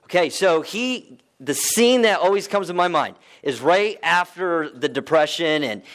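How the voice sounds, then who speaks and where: A man's voice: a little high, animated, unhurried, fairly bright tone. Conversational man presenting to an audience. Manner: conversational, asks the audience questions, many fillers. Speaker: real estate investment speaker.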